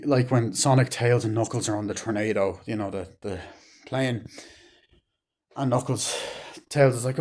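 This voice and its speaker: Man, movie reviewer, casual rambling rant, excited, frequent swearing. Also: mid-range voice, normal speed.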